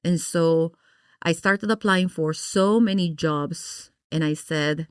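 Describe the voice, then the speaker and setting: A middle-aged woman from Guatemala, a podcast guest, telling her story in an animated, expressive way and acting out her past reactions. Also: deep voice, slow, smooth, no room sound, clean studio sound. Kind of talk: personal storytelling in an interview.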